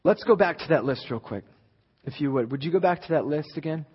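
A young man preaching a sermon, emphatic, building to near-shouts at the high points. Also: animated, brisk, husky. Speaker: pastor. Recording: dull lo-fi recording in a reverberant hall.

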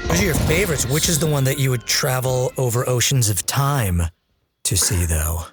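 A man's voice: mid-range voice, normal speed, music in the background. A man co-hosting a podcast, chatting casually in a playful, teasing way. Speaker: podcast co-host. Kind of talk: casual chat.

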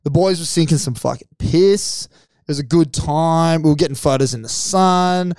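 A man's voice: on the high side, moderate pace, no room sound. Sweary man telling stories. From Australia. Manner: loud, sweary storytelling with acted quotes. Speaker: podcast co-host. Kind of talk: casual chat.

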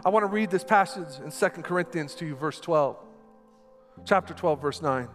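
Animated preacher in an echoing hall. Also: male voice, fairly high pitch, normal speed. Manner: animated, conversational preaching with a live stage demonstration. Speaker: pastor. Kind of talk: sermon. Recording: long hall reverb with faint music.

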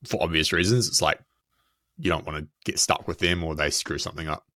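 A man's voice: very deep voice, fairly quick, bright, forceful tone, no echo, clean studio sound. A man with a New Zealand accent, co-hosting a podcast in loose, rambling casual chat full of fillers. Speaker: podcast co-host.

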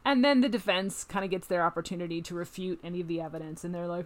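Animated woman host, lower voice. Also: quick pace. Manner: animated, reads letters aloud with emphasis. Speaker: podcast host. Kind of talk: casual true crime chat.

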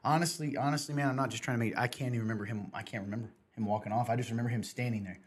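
A husky-voiced man, host of a casual podcast, telling a story. He rambles and restarts his sentences, with a slightly breathy edge on his words. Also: medium pitch, steady tone, rapid-fire.

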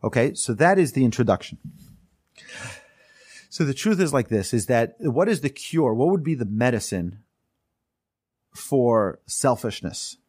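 Earnest guy teaching a class, middle pitch, stops and restarts a lot, dead dry sound. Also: expressive, darkish tone, breathy edge, no room sound. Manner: earnest, emphatic storytelling with many restarts; slows down to stress key phrases. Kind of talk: class talk with stories.

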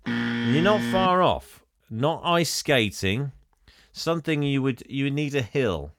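A man with a medium-pitched, animated, fairly bright voice talks slowly, with a little hiss or hum in the recording. As a podcast co-host, he casually recaps a film's plot, laughing often and acting out characters' lines in exaggerated voices.

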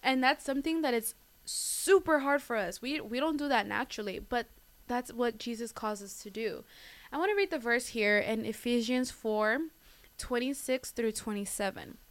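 A woman's voice: on the high side, moderate pace. A young woman giving a casual devotional talk as host, chatty and full of fillers, often calling her listeners "guys". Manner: chatty, lots of fillers and "like", laughs at herself.

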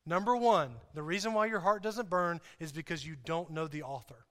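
Guy preaching a sermon, real high bright voice, jokey and stumbles over his words a lot. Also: normal speed. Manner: animated, joking, repeats himself and restarts often. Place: church hall. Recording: hall reverb.

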